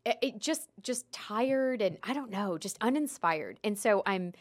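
A woman in her thirties co-hosting a podcast, telling stories in casual chat with quick asides. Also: mid-range voice. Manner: animated storytelling, quick asides. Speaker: podcast co-host.

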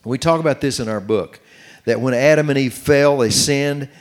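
A middle-aged man preaching on marriage, reading scripture slowly and commenting as he goes. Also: mid-range voice. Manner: earnest, reads scripture slowly with running commentary. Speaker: pastor teaching on marriage. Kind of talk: sermon-style Bible teaching.

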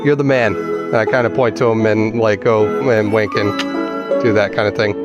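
A man's voice: lowish voice, flat delivery, normal speed, lo-fi sound, over loud music. A man playing a tabletop game, describing his character's actions in a laid-back, hesitant way. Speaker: player.

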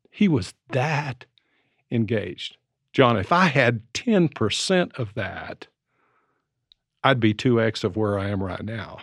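A man in his seventies telling stories in a relaxed, reflective conversation as co-host. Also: medium pitch, takes it slowly, no echo, clean studio sound. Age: 70s. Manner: storytelling, reflective. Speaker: podcast co-host. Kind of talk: casual conversation. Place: Colorado.

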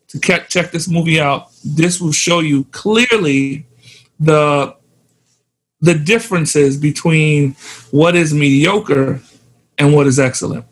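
A man's voice: a little high, husky. A male pastor on a casual ministry podcast, reflecting on a topic with preachy turns of phrase. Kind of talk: casual chat about ministry.

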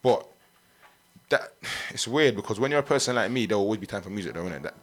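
A man's voice: fairly low pitch, expressive, quick pace. A young man chatting in a laid-back interview, tagging nearly every phrase with "innit". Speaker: musician and guest. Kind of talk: casual interview chat.

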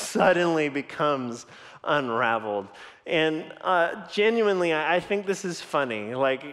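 Storytelling pastor in a reverberant hall. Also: male voice, mid-range voice. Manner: conversational storytelling, animated in quoted lines. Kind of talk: sermon.

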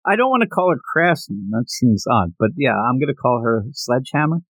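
Animated man chatting about manga. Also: breathy edge, dry recording, soft background music. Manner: animated, quick shifts of pitch when acting out scenes. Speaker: podcast co-host. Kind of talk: casual manga review chat.

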